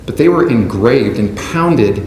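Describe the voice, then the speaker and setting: A man speaks at an even middle pitch, delivering a prepared keynote at a careful, deliberate pace. The sound carries the roomy echo of a large conference hall. A faint hum of background noise sits underneath. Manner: measured, deliberate delivery from a script. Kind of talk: prepared speech to an audience.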